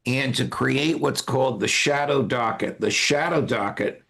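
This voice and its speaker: An older man speaking as a legal commentator guest in an interview, measured with frequent pauses. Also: mid-range voice, creaky, fairly bright tone. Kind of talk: interview conversation.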